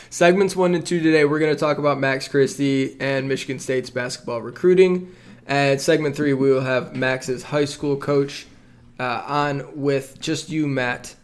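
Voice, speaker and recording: A man of middling pitch hosting a sports podcast, talking in a steady, measured way. He keeps things on track with an even, plain delivery. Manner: steady, measured, runs the show's agenda. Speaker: podcast host.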